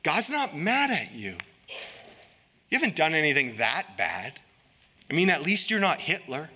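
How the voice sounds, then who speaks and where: A man preaching a sermon as pastor, in an earnest, pleading, deliberate way. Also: fairly high pitch, sing-song, bright, forceful tone, husky. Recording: long reverb of a large hall.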